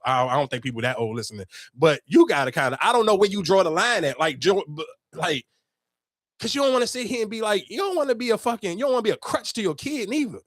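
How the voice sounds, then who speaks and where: A young adult man hosting a podcast, telling a story in animated, profane casual chat with sudden outbursts. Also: sits high, fast, no echo, clean studio sound. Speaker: podcast host.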